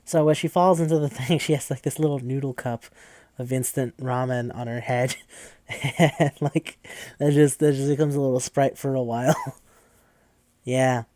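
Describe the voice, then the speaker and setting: A man's voice: medium pitch, steady tone, normal speed, mellow, no room sound. A man hosting a podcast who recaps a game in a casual, rambling way, swearing often and full of fillers. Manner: rambling, profane, with frequent fillers. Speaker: podcast host.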